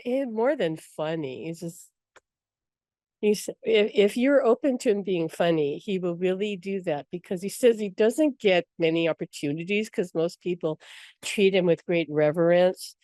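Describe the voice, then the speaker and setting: A woman spiritual teacher talking casually through a workshop session, telling stories with frequent laughs and quick asides. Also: on the low side, mellow, no room sound, studio quality. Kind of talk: casual storytelling talk with viewer questions.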